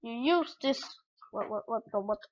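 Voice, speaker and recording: A woman's voice: fairly high pitch, animated, normal speed, lo-fi sound, a little hiss or hum. A young woman walking through an electronics tutorial in a casual, rambling way, often correcting herself mid-sentence. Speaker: tutorial vlogger.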